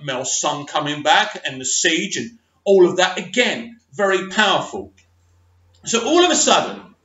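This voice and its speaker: A man giving his animated, emphatic opinions on a soap opera in a casual monologue. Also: sits high. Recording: echoey room, dull lo-fi sound.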